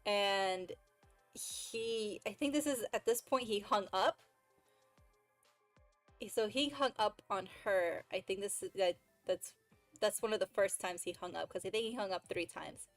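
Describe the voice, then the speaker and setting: A woman's voice: mid-range voice, unhurried, no echo, faint music behind, poor audio. Chatty woman streamer telling a story. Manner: chatty, lots of "like", animated retelling with exasperated asides.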